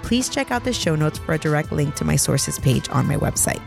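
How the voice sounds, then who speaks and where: A woman's voice: deep voice, big pitch swings, a little fast, gravelly, music in the background. A woman in her thirties hosting a podcast from home, telling a story in a chatty, laughing, self-deprecating way. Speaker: podcast host. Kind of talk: casual storytelling. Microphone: podcast microphone.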